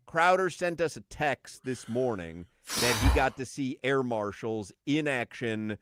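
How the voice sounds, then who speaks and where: Lively male sports radio host. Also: mid-range voice, measured pace, noisy background. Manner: lively, eager interviewer. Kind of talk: casual sports radio talk.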